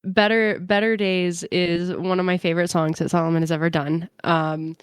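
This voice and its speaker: A woman co-hosting a podcast in casual chat, speaking thoughtfully with frequent "um" pauses. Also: on the low side, little pitch movement, smooth, no echo, studio quality. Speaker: podcast co-host.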